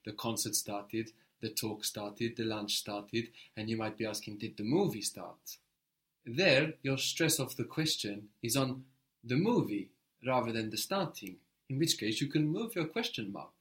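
A man teaching a language lesson, prompting a learner and repeating answers slowly and patiently. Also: mid-range voice, lively intonation, fairly bright tone.

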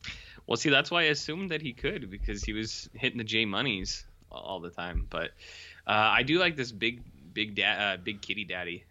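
A man's voice: fairly low pitch, lively intonation, moderate pace, pushed and bright, highs cut off. A tired man co-hosting a podcast, chatting casually and telling anecdotes with quoted voices. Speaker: podcast co-host. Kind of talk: casual chat.

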